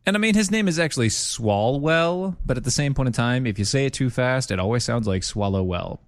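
A man's voice: medium pitch, lively intonation, a little fast, dry recording, clean studio sound. A man co-hosting a casual political talk show who cracks jokes. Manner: joking, wisecracking. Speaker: co-host.

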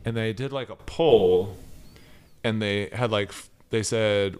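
A man co-hosting a podcast, chatting casually in a wry, rambling, low-key way. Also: takes it slowly, long pauses, clean tone. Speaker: podcast co-host. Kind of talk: casual chat.

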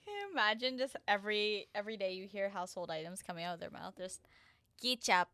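A woman's voice: medium pitch, fast, a bit bright, a little hiss or hum. A young woman of Filipino background co-hosting a casual podcast chat, teasing and laughing a lot. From Philippines. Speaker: podcast co-host.

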